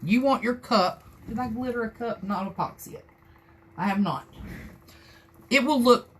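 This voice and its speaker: Her voice is medium in pitch and a bit bright, carrying a Southern US accent. Leading a live crafting tutorial, she rambles in a folksy, casual how-to style as she chats with viewers.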